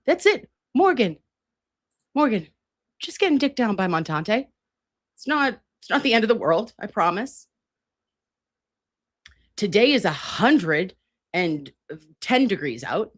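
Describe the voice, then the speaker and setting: Woman, forties, livestream host, profane, campy, very lively pitch. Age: 40s. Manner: brash, profane and campy, lots of asides. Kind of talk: casual livestream chat.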